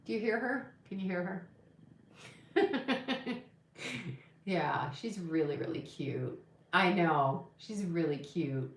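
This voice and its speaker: A woman's voice: lowish voice, expressive, slow pace, pauses often. A woman hosting a casual livestream, chatting in an opinionated, gossipy way while she reads viewer comments. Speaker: psychic livestream host. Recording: echoey room.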